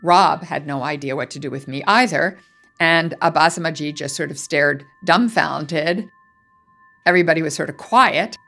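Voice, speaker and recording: A woman's voice: deep voice, normal speed, sharp tone, faint music behind. A woman diplomat interviewed for a podcast, recounting a negotiation in a candid, reflective way. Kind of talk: personal recollection in interview.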